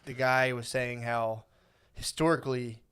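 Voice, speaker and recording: A man in his thirties co-hosting a podcast, telling a long story in loose, casual banter. He swears freely and slips into quick put-on voices for the people in his anecdote. His voice sits at an ordinary middle pitch for a man. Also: little pitch movement, fairly bright tone. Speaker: podcast co-host.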